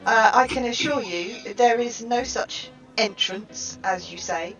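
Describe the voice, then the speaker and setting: A man's voice: very high-pitched, measured pace, pushed and bright, far from the mic, dull audio, faint music behind, voice pushed up, heavily acted. A woman voicing a hostile male bar owner who talks with threatening scorn, in a tabletop game. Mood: contemptuous.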